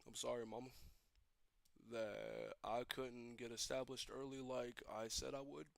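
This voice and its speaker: Young man, gravelly voice, halting and despairing solo stream rant, close and dry. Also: medium pitch, little pitch movement, a bit bright, no echo. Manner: halting, repetitive, despairing monologue. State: emotionally distressed.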